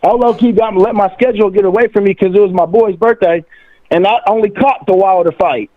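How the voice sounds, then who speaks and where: A man's voice: high-pitched, fairly quick. Slangy male caller on a tinny phone line. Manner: animated slang, repeats words. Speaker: caller, friend of the host. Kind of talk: casual call-in chat.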